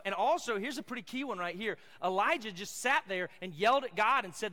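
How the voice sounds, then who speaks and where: A man preaching a sermon as pastor, emphatic and swinging between loud passages and hushed ones. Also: sits high, expressive, brisk, hardly any pauses. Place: church sanctuary. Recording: echoey hall.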